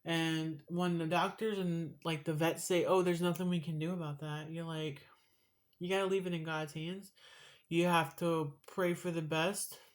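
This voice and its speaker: A woman's voice: low voice, steady tone, normal speed. A woman talking to her viewers in a casual home vlog, emotional and rambling, swearing casually. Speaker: vlogger. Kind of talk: casual vlog while eating.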